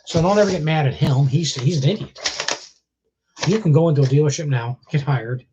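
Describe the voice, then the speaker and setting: A blunt man with a chest cold, lecturing his viewers in a casual live stream rant, swearing freely as he goes. His voice sits a little high for a man. The stream audio is dull and lo-fi, with faint noise underneath. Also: moderate pace. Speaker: vlogger.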